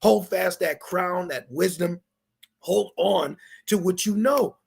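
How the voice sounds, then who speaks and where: A man's voice: high voice, takes it slowly, gravelly, a little hiss or hum. A man giving an emphatic scripture lesson as a religious teacher, mixing preaching with street slang.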